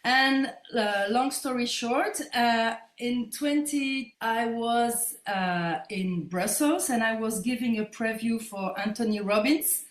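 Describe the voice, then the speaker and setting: French-accented lady in her 50s, stops and hunts for english words, echoey room. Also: on the high side. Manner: halting, searching for English words. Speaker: guest. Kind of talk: conversational interview storytelling. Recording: roomy echo.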